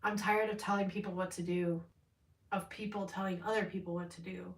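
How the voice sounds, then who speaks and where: On a live stream, a woman reads tarot cards while chatting candidly and ramblingly, swearing freely and laughing a lot. Her voice is lowish and steady, moving fairly quickly. A distant mic gives the sound a roomy quality.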